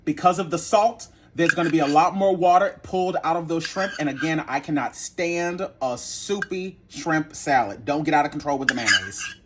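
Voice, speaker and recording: Sassy man with a higher voice. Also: moderate pace, background noise. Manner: sassy, blunt and animated, with playful exclamations. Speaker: home cooking channel host. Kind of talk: casual cooking tutorial.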